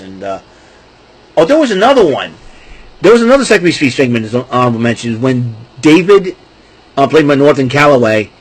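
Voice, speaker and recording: Husky man rambling in casual solo talk. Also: mid-range voice, poor audio. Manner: rambling, restarting, breaks into goofy voices and laughs. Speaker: podcast host.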